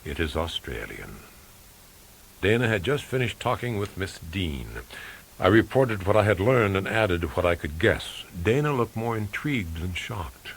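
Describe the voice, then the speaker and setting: Low-voiced man reading a novel. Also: very animated, a little slow, gravelly. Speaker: audiobook reader. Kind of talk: first-person novel narration. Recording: faint tape hiss.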